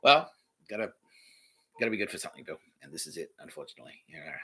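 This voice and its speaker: A man's voice: extremely low pitch, big pitch swings, fast talker, sharp tone, slightly rough, poor audio. An Australian man hosting a podcast, rambling casually with plenty of swearing and chuckles. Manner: profane, meandering, chuckling. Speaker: podcast host.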